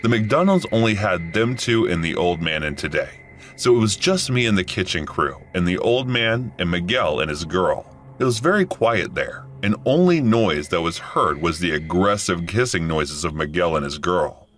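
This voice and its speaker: A man's voice: deep voice, lively intonation, normal speed, fairly bright tone, a little hiss or hum. A man narrating a first-person story in a matter-of-fact storytelling manner.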